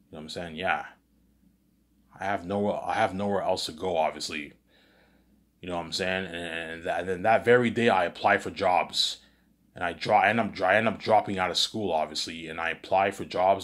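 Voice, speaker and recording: Deep-voiced man rambling through a story. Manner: repeats words and keeps saying "you know what I'm saying"; excitable, swears freely. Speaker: vlogger pitching a movie idea.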